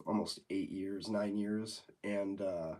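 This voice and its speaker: A man's voice: deep voice, steady tone, slow pace, warm tone. A congested young man from the United States hosting a casual livestream chat, rambling and laid-back with plenty of swearing. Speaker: livestream host.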